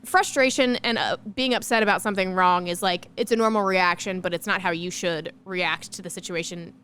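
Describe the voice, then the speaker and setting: A woman's voice: fairly low pitch, steady tone, a little fast, a bit bright, clear, resonant tone. A woman co-hosting a podcast in casual chat, explaining an idea at length with everyday examples. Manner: explanatory, laughs easily. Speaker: podcast co-host.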